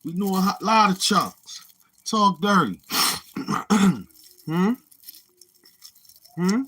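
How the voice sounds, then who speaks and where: Man, livestream host, husky voice, slow drawl, lively pitch, laughing fits. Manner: breaks into long fits of helpless laughter. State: laughing to tears, short of breath. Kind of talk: casual livestream chat.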